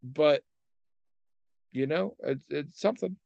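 A man's voice: a little high, slow pace, creaky, darkish tone, no echo, muffled recording. Man, podcast host, casual and wry, lots of filler, dead-dry close mic. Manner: rambling, wry, many fillers. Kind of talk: casual chat.

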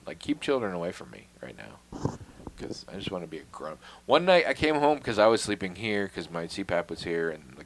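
A man with a fairly low voice chats casually, telling stories in a wry, self-deprecating way. He swears freely and drops to a mutter on his asides. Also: a bit bright, a little hiss or hum. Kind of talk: casual storytelling chat.

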